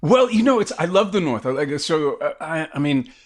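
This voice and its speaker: A man's voice: on the high side, moderate pace. A man in casual interview chat, an actor guest talking expansively and with slightly theatrical wording, on a good microphone in a slightly reverby room over a video call. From New York. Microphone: professional microphone in a slightly reverby room.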